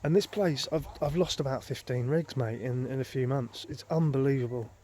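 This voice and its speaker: A man's voice: mid-range voice, moderate pace, warm tone, a little hiss or hum. A man filming a casual outdoor vlog at a lake on a handheld phone, telling a rambling, exasperated story full of swearing. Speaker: vlogger.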